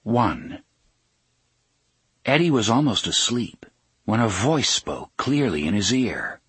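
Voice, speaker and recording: A man narrating a novel in a measured, steady storytelling manner. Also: fairly low pitch, breathy edge, no echo. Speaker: audiobook narrator. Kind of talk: scripted narration.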